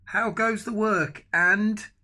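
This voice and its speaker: A man's voice: high voice, takes it slowly, sharp tone, pitched above the performer's own voice, full character voice. An older man voicing a lazy old male farmer calling out from bed in a picture book.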